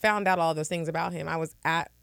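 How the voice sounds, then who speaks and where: A woman's voice: low-pitched, fast talker, creaky, smooth, no echo. A woman co-hosting a casual podcast, telling a story and acting out the voices she quotes. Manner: animated, acts out quoted voices. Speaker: podcast co-host.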